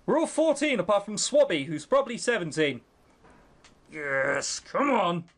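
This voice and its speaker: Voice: mid-range voice, sing-song, measured pace. A young streamer reading a visual novel aloud and mocking it in a chatty, sarcastic way, close to the mic at home. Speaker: let's-play host. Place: home room on webcam. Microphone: close desk mic.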